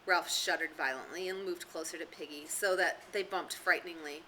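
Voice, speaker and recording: Female narrator reading a novel; expressive, bright voice, slight background hiss. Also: on the low side, brisk. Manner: steady, expressive storytelling. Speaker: reader and tutor.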